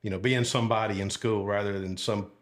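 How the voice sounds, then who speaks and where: Folksy older man, low voice. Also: fairly even intonation, brisk. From Alabama. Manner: folksy, rambling, with many fillers and asides. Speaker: podcast guest, retired sheriff's deputy. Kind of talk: casual storytelling interview.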